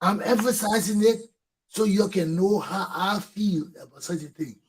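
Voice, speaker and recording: Speaking with a Liberian English accent, a middle-aged talk show host gives an impassioned monologue with fiery energy, swearing and repeating points for emphasis. His voice is high-pitched with a breathy edge at normal speed, and the audio is poor.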